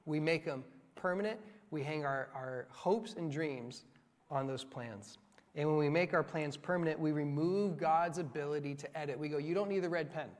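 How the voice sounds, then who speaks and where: Man, young adult, pastor, sermon, animated and joking, high voice, long church hall reverb. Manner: animated, joking preaching with quick asides. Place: church sanctuary.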